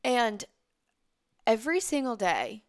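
A woman's voice: a little high, huge pitch swings, slow. A woman in her thirties hosting a podcast, giving a candid, heartfelt motivational monologue and swearing freely. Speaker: podcast host and business coach.

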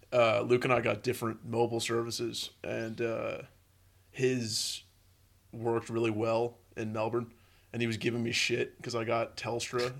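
Gravelly man swapping stories casually. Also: medium pitch. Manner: relaxed storytelling with frequent swearing and fillers. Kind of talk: casual chat.

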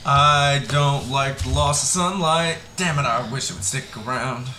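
A man's voice: medium pitch, steady tone, a little slow, bright, forceful tone. Joking man in an echoey room. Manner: joking, teasing, laughs often. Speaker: podcast co-host. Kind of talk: casual chat. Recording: roomy with clear background noise.

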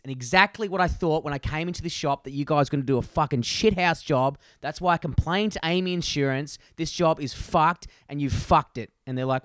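A man tells a story in a heated, profanity-laced rant, co-hosting a casual podcast. His voice sits a little high and comes through smooth and clear. The sound is dry, as if he is speaking close to a video-call mic. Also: quick pace, few pauses, no room sound. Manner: ranting, swearing, animated storytelling. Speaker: podcast co-host.

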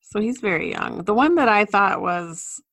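A woman co-hosting a podcast, telling stories in a relaxed, casual way with fillers. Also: mid-range voice, moderate pace. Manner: relaxed storytelling, trailing off, filler words. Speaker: podcast co-host. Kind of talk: casual chat.

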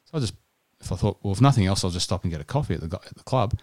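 A man's voice: low-pitched, animated, very fast, darkish tone, no echo. An Australian man co-hosting a podcast, telling stories in casual chat with frequent restarts. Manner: chatty storytelling with restarts. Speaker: podcast co-host.

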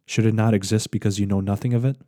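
Soul spirit, stern and ageless, read by a man: low, even delivery, dry close sound. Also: fast talker, dry recording, natural voice. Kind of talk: dramatic reading aloud.

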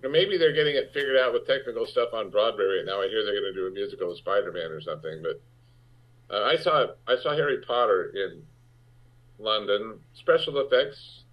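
Low-voiced candid actor, muffled audio. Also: male voice. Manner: frank, halting with restarts, rising when emphatic. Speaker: actor, interview guest. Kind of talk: candid conversational interview.

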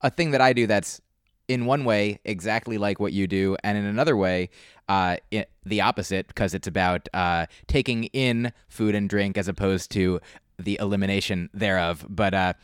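An American comedian speaks in a smooth, resonant voice, recorded dry and close with no room echo. He wanders through playful, self-aware tangents and disclaimers, thinking aloud as he goes. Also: fairly low pitch, normal speed. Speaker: comedian guest. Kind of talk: casual interview chat.

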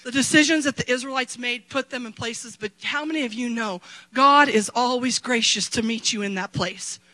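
A middle-aged woman pastor preaching a sermon, impassioned, rising to shouts and dropping to quiet asides. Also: fairly high pitch, moderate pace, rough recording.

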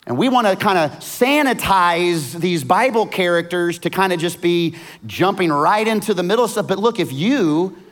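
High-voiced man preaching a casual sermon. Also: lively intonation, normal speed, few pauses, fairly bright tone. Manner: casual, vivid storytelling with slang. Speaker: pastor.

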